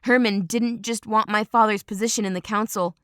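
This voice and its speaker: A woman narrating a first-person audiobook in a steady, dramatic storytelling manner. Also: mid-range voice, a little fast, clear, resonant tone, no echo, clean studio sound.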